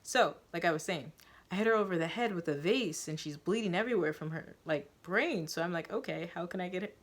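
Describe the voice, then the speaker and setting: A woman's voice: on the low side, close to an everyday voice. A woman voicing a brash, defensive troubled teenage girl who talks bluntly and crudely. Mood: casual. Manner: blunt, crude and quick to anger.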